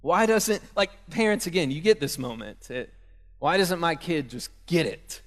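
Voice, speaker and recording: High-voiced young pastor in a reverberant hall. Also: male voice, expressive, moderate pace. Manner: conversational, storytelling with asides to parents. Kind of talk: sermon.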